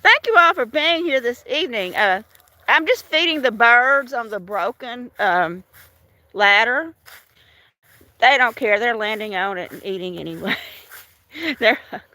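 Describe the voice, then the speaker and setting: A woman from Washington state walks through her storm-damaged yard on a live stream, casually chatting, greeting viewers by name and laughing often. Her fairly high voice has lively intonation and a sharp tone; she's unhurried, pauses often, and there's no echo.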